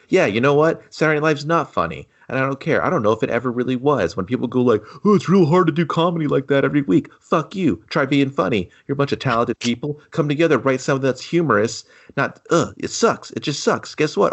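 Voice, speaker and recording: A man's voice: medium pitch, fairly bright tone. A man co-hosting a movie podcast, ranting sarcastically in casual chat and swearing freely. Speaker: podcast co-host.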